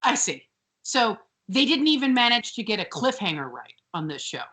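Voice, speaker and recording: A woman co-hosting a casual TV recap podcast, animated and sweary, often mimicking characters. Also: a little high, moderate pace, slight background noise. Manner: animated, sweary, mocking voices. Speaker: podcast co-host.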